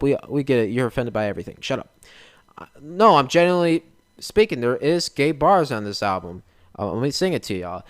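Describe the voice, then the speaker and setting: A man's voice: mid-range voice, sing-song, a little fast, no echo, studio quality. A young man hosting a podcast, ranting casually and with exasperation. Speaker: podcast host.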